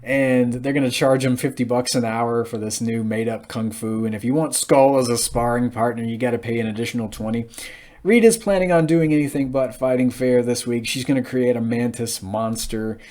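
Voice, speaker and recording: A man's voice: mid-range voice, steady tone, moderate pace, darkish tone. A man in his thirties giving a casual, rambling recap of a TV episode, with frequent fillers. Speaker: TV episode reviewer.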